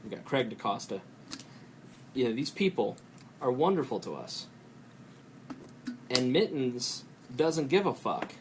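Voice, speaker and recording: A man hosting a podcast, talking in a rambling, profane way and breaking into quick impressions. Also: mid-range voice, very animated, a little hiss or hum. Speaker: podcast host. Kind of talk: casual podcast chat.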